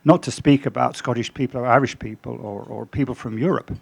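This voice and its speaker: Gravelly older man telling stories. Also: mid-range voice, fairly even intonation, darkish tone, dry recording. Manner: anecdotal storytelling with frequent ums and pauses. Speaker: author giving a book talk. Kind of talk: lunchtime book talk. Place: club dining room.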